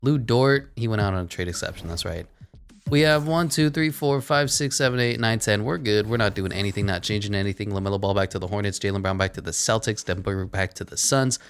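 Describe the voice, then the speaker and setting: A man commentating over a basketball video game, sarcastic and deadpan, with quick offhand asides. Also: fairly low pitch, smooth. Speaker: gaming commentator.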